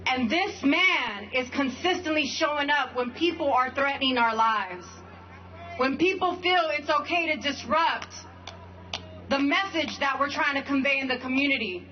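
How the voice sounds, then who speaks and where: Woman organizer at a protest handing off the mic, earnest, highish voice, muffled stream audio. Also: expressive, moderate pace. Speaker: protest organizer introducing speakers. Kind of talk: rally introduction. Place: outdoor protest rally. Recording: lo-fi livestream.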